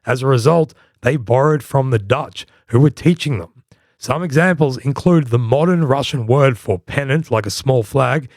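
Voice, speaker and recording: A man's voice: mid-range voice, normal speed, darkish tone, no echo, clean studio sound. A man hosting a history podcast, giving scripted narration in a wry, playful storytelling manner.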